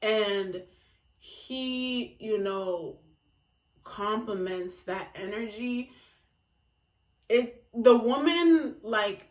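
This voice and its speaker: A woman's voice: medium pitch, drawn-out words, pauses often, echoey room. A woman giving a casual monologue about relationships, talking emphatically and acting out reactions in quoted voices. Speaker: relationship commentator.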